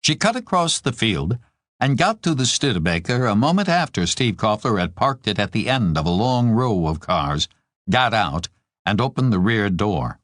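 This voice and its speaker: A man narrating a war novel audiobook in measured, expressive storytelling. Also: fairly low pitch, dry recording, studio quality. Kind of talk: scripted narration.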